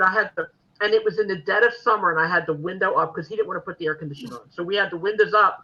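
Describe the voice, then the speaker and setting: A woman hosting a podcast, telling lively stories in casual chat and laughing often. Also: mid-range voice, racing, highs cut off. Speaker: podcast host.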